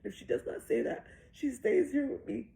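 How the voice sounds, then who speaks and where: A smooth-talking male devil who is casual and persuasive and always justifying himself, as a gravelly-voiced woman quotes him. The voice stays dark and rough and keeps an easy, reasonable tone. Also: sits high, very animated, moderate pace, pitched above the performer's own voice, heavily acted, rough recording.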